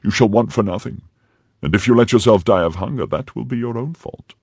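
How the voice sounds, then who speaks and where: A cruel, jeering nobleman, voiced by a male reader taunts and threatens in a mocking tone. The delivery is deep and husky, close and dry, as in a storybook recording. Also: normal speed, a little mellow, dry recording, exaggerated voice. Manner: mocking, then menacing. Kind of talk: audiobook reading.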